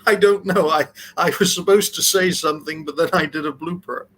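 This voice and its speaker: A man from Wales, a guest on a casual live stream, talking in a halting way with many restarts and slightly formal phrasing. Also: on the high side, a bit bright, slightly rough, low-quality recording.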